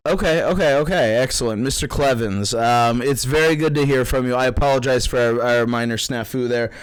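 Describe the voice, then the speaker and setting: A man's voice: mid-range voice, a little fast, smooth, no room sound. A man hosting a comedic call-in show, playful and laughing often. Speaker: host.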